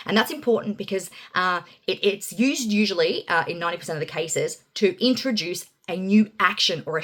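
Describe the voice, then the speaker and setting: A woman explaining Bible Greek grammar in a casual, chatty teaching style, with lots of fillers and lively emphasis on key words. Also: medium pitch.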